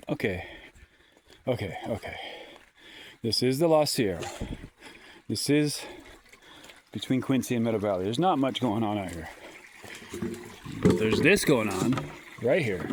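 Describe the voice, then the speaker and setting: A lone man at a forest campsite talks into a handheld phone with an ordinary mid-pitched voice and keeps wandering off topic. He is a little out of breath and jokes to himself as he goes. Faint hiss sits under the outdoor sound. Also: expressive, normal speed, pauses often. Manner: rambling, sidetracked, jokey. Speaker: vlogger camping alone. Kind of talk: rambling handheld vlog. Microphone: handheld phone camera.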